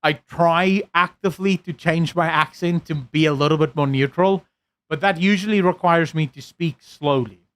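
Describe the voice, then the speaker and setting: A South African man streaming and reading his chat aloud. His voice sits a touch high, and his accent leans American. He rambles in a loose, self-mocking way, full of ums and restarts. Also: moderate pace, a bit bright, dry recording. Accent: South African with an American-leaning lilt. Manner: rambling, self-deprecating, many fillers and restarts. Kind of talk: casual live-stream chat.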